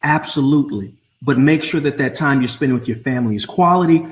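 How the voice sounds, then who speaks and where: A man's voice: medium pitch, fast. A man coaching blended families on a live stream from home, speaking earnestly and often repeating his words. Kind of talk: Facebook Live talk. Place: home room. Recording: roomy echo.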